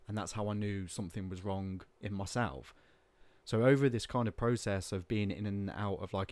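A man's voice: fairly low pitch, darkish tone. A man, a podcast guest talking candidly and rambling, with plenty of filler words. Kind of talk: casual chat.

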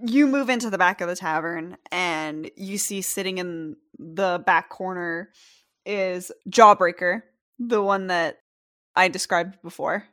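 A woman's voice: on the low side, measured pace. Young woman narrating as game master. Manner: relaxed, chatty narration with fillers.

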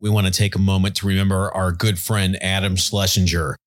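Low-voiced man co-hosting a podcast. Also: a little fast. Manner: relaxed, storytelling. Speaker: podcast co-host. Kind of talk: casual podcast chat.

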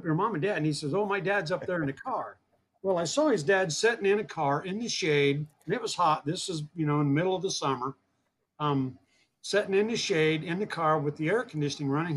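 Earnest storytelling man, slightly high voice. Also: a bit bright, slight background noise. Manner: earnest, repeats words, acts out quoted dialogue. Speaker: guest, fishing program founder. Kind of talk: storytelling interview talk.

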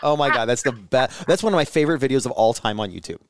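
A man's voice: medium pitch, expressive, fast talker, background noise. A man co-hosting a podcast, joking in casual chat and laughing easily. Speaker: podcast co-host.

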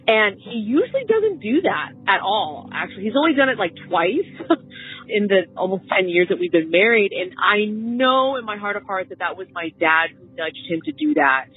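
A woman listener telling a personal story in an earnest, halting, heartfelt way. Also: medium pitch, slightly rough. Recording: tinny phone line.

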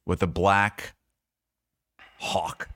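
A man's voice: low-pitched, flat delivery, extremely slow, bright, forceful tone, no room sound. A man from Iowa co-hosting a sports podcast, telling teasing stories in casual chat. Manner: teasing, storytelling. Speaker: podcast co-host.

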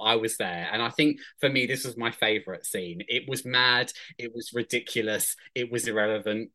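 A man's voice: mid-range voice, pushed and bright. A man from England co-hosting a podcast, chatting casually and enthusiastically in long rambling turns. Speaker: podcast co-host. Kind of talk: casual chat.

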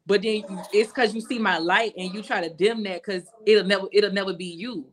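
A woman's voice: medium pitch, a little fast. A woman guest talking casually and earnestly on a podcast, reflective and full of slang.

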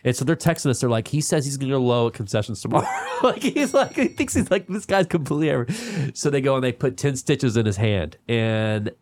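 A man hosting a golf podcast tells a rambling story in casual chat. He talks in animated bursts, quotes other people quickly and laughs often. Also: mid-range voice. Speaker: podcast host.

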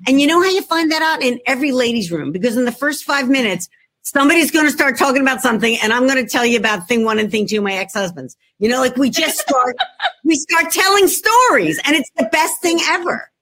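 A woman author with a Philadelphia accent, telling jokey, animated stories in a casual chat. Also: sits high, a little fast. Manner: jokey, animated storyteller, talks to herself. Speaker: author guest.

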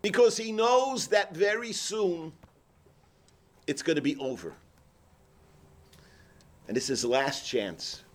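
Animated high-voiced man giving a sermon. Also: slow pace, pauses often. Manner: animated storyteller, acts out characters, cries out. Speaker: rabbi. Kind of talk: sermon with storytelling.

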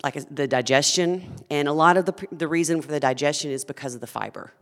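A woman's voice: deep voice, fast, long reverb tail. A woman who founded a food company, talking earnestly and with passion as a guest in a conversational interview.

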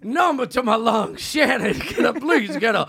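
A man's voice: very high-pitched, very animated, normal speed, vocal fry, a crowd in the background, full character voice. A man voicing a crude, sweaty Elvis impression with a put-on Southern drawl, calling everyone Mama. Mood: lewd drawl. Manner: lewd, boastful, chuckling. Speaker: comedian guest.

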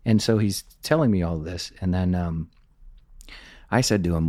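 A man's voice: sits low, brisk, mellow, no room sound, studio quality. A man, a former intelligence officer, telling candid stories in an interview, swearing freely and acting out the dialogue. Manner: candid, profane, acts out dialogue.

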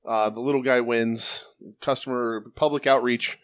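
A man's voice: medium pitch, fairly even intonation, moderate pace. A man co-hosting a casual wrestling podcast, sniffly from allergies, with dry, wry jokes. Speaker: podcast co-host. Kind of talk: casual chat.

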